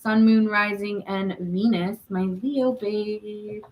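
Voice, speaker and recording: A woman's voice: medium pitch, steady tone, takes it slowly, muffled recording, a little hiss or hum. A woman hosting a live tarot reading stream, chatting casually and answering viewer comments with frequent laughs.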